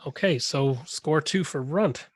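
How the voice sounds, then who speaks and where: A man narrating a tabletop game as game master, often pausing and restarting his sentences. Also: on the high side, breathy edge, no room sound. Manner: hesitant, many restarts while describing.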